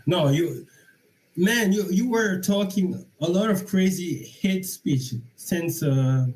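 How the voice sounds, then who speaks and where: A man's voice: high voice, slow pace, darkish tone, rough recording. A young man from Senegal with a Senegalese accent, calling in to argue, hesitant and full of fillers but insistent. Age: young adult. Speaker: caller. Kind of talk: call-in debate.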